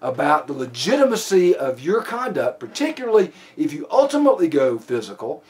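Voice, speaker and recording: A man's voice: fairly high pitch, very animated, fairly quick, a little mellow. Plainspoken male police instructor. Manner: plainspoken, many restarts and fillers. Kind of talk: classroom lecture.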